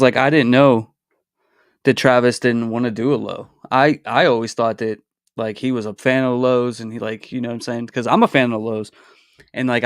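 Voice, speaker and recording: A man hosting a casual livestream, talking in a relaxed, rambling way with fillers and restarts. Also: mid-range voice, no room sound, clean studio sound. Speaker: livestream host.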